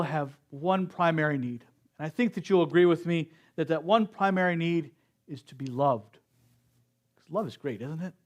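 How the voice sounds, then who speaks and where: A middle-aged man giving a slow, earnest sermon at a spiritual service, sometimes acting out quotes. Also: high voice. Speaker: speaker at a spiritual center service.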